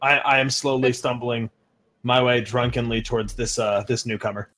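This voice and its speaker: A man playing a tabletop horror game, describing his character's actions in a halting, hesitant way. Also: mid-range voice, flat delivery, a bit bright, soft background music. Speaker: player.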